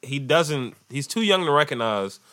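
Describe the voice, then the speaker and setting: A man in his thirties, a podcast host, telling animated stories in casual chat and laughing often. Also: medium pitch, normal speed, no echo.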